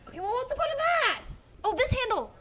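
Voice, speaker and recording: Girl streamer playing a horror game, talks to chat, super high voice, goes all over the place, giggly and excitable. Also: fast, noisy background. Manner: excitable, giggly, chats to viewers. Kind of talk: casual gameplay commentary.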